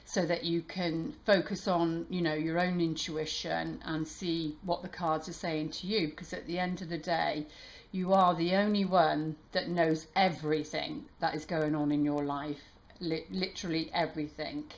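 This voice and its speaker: A woman tarot reader talking warmly to her viewers, halting and emotional, with many restarts. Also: sits low, level tone. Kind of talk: casual heartfelt channel talk.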